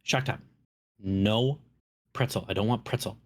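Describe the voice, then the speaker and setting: A man's voice: on the low side, a little slow. A man with a Minnesota accent telling stories and chatting casually on a podcast, profane and laid-back. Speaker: podcast co-host. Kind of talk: casual chat.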